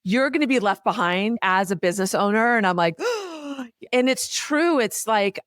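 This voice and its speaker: A woman co-hosting a business podcast, speaking in an animated, encouraging way about workplace development. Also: on the low side, clean tone, no room sound, studio quality. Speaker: podcast co-host, workplace consultant. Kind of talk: casual conversational podcast chat.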